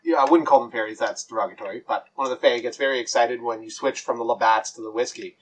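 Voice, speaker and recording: A man's voice: medium pitch, quick pace, poor audio. A man narrating as game master, rambling with lots of fillers and restarts.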